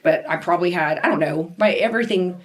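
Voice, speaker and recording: Fast and fairly low-pitched, this podcast host keeps things casual, spinning stories and breaking into frequent laughter with lively energy.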